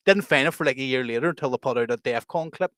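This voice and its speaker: A man co-hosting a podcast, telling animated, sweary stories and laughing often. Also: mid-range voice, fast talker, dry recording, clean studio sound. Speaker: podcast co-host, music producer. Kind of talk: casual chat.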